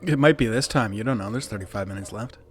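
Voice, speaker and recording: A man's voice: fairly low pitch, quick pace, faint music behind. Laid-back man running a tabletop game. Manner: relaxed, filler-heavy narration. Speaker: game master.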